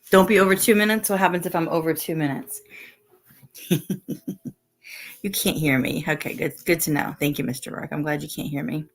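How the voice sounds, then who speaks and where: A middle-aged woman hosts a casual live chat, greeting viewers one by one. Her voice sits a little low. She laughs often and keeps the talk loose. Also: fairly even intonation, moderate pace, long pauses. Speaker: livestream host.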